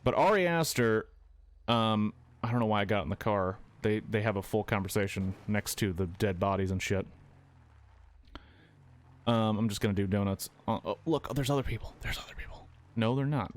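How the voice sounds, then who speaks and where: A man streaming a game while retelling a film in a casual, excitable way, swearing often and with plenty of fillers. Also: fairly low pitch, normal speed. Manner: excitable, profane storytelling with many fillers.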